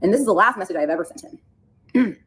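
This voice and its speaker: A woman telling a personal story in a fast, animated, chatty way. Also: medium pitch, low-quality recording.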